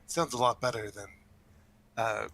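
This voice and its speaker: A man's voice: mid-range voice, unhurried, creaky, fairly bright tone, slight background noise. A man chatting casually with friends during a game, sharing jokes and asides. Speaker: friend playing along. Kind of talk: casual gaming chat.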